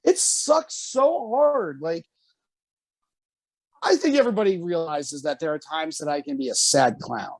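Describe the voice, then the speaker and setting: Animated swearing podcast host. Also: male voice, a little slow, creaky, no room sound. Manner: animated, swears often, jumps to high pitch for quoted lines. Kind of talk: casual storytelling.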